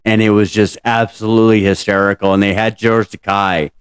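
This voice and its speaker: A man's voice: fairly low pitch, little pitch movement, fairly quick, smooth, no echo. A man hosting a casual podcast, telling rambling, profane stories. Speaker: podcast host. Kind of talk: casual late-night podcast chat.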